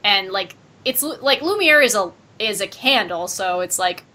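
A woman's voice: mid-range voice, expressive, moderate pace, sharp tone, poor audio. A woman co-hosting a casual movie discussion, animatedly recapping the plot and playfully quoting characters. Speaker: podcast co-host.

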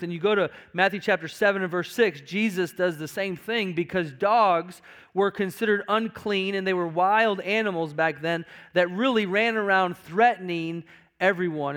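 A man's high, rather bright voice fills a church sanctuary as he preaches to his congregation. The pastor delivers his sermon emphatically, with frequent repetition and stammered false starts.

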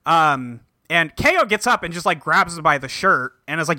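A man co-hosting a casual podcast, recapping a show episode and reading out the characters' lines in a flat voice, swearing freely. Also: fairly high pitch, moderate pace, hardly any pauses, no room sound, clean studio sound. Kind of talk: casual chat.

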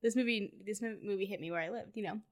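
A woman co-hosting a casual movie podcast, animated, laughing often and trailing off mid-thought. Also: medium pitch, quick pace. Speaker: podcast co-host. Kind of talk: casual movie-review chat.

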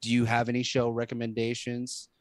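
A man's voice: medium pitch, monotone, fairly quick, no room sound, studio quality. A man co-hosting a casual chat about a show, rambling and trailing off mid-sentence. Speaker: podcast co-host.

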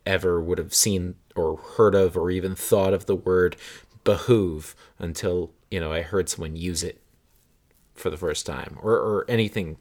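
A man tells a story in relaxed podcast chat. He gets animated and jumps higher and louder whenever he acts out the people in the story. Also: moderate pace. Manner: animated storyteller, acts out quotes in raised voices. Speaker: podcast host telling a story.

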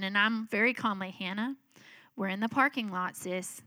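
A middle-aged woman tells a story from the pulpit, animated and acting out the people in it. Her voice is bright and a little high. The sound is close and dry. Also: no room sound. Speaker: speaker at a church talk. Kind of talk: storytelling sermon.

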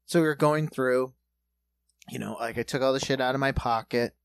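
A man's voice: mid-range voice, steady tone, normal speed, gravelly, clean tone, no echo. A man in his thirties telling comedic travel stories in casual, profane chat, acting out other people's lines. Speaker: podcast co-host.

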